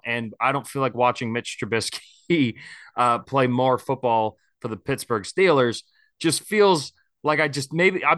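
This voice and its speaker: A man's voice: mid-range voice, bright, forceful tone, no room sound, studio quality. A man hosting a casual sports podcast, talking candidly and rambling with lots of fillers. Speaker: podcast host.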